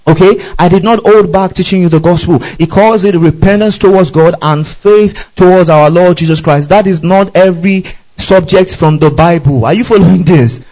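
A man's voice: high-pitched, moderate pace, a little mellow, low-quality recording. A man preaching a teaching sermon, working through scripture and constantly asking his listeners if they follow. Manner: questioning the congregation constantly. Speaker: pastor.

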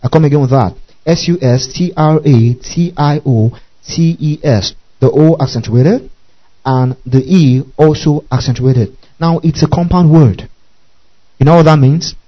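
A man's voice: a little high, a little slow. Man, preacher, sermon teaching, spells words letter by letter, calls for responses, muffled recording.

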